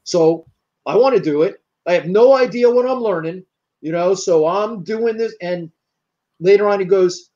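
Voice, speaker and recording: A man's voice: high-pitched, normal speed, warm tone, highs cut off. An older American man, a martial arts grandmaster, telling long rambling stories in an interview and acting out the dialogue. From United States. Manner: rambling, anecdotal, acts out quoted dialogue. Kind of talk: storytelling in an interview.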